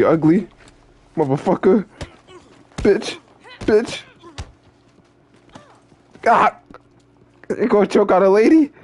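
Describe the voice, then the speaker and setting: Man putting on a shrill cursing woman Marilyn. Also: mellow. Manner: brash, cursing, shrieking. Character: brash, foul-mouthed woman named Marilyn, city boss.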